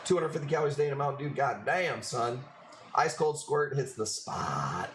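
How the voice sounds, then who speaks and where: A man's voice: mid-range voice, lively intonation, normal speed, slight background noise. Rambling, cussing Chicago guy streaming. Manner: loose, rambling and profane. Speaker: livestream coral seller. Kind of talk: casual livestream chat.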